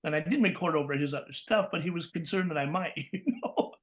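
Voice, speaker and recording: A man from California, a voice actor, telling stories in an interview with lively energy, laughing often and acting out the voices he quotes. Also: fairly high pitch, normal speed. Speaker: guest, voice actor. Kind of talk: interview storytelling.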